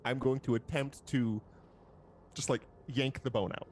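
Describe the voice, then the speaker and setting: A man's voice: medium pitch, fairly even intonation, a little slow, darkish tone, slight background noise. A man playing a tabletop game, talking in a rambling, jokey, self-interrupting way. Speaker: player. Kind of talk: casual tabletop play.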